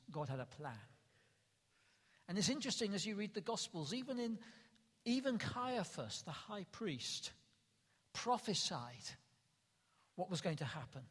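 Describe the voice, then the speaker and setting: A man's voice: on the high side, a bit bright, husky. A male preacher giving a dramatic sermon that rises to emphatic calls, recorded in a church hall. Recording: long reverb in a large hall.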